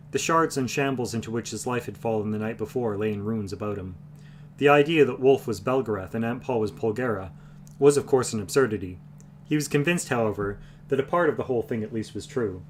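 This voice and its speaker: A man reading a fantasy novel aloud on a livestream, even and unhurried, with the occasional restart. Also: medium pitch, a little hiss or hum. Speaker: reader. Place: home livestream.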